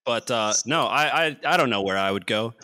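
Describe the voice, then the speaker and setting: Bright-voiced man telling a rambling story. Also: medium pitch, moderate pace. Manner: rambling, animated storyteller who laughs often. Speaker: podcast host. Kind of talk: casual storytelling chat.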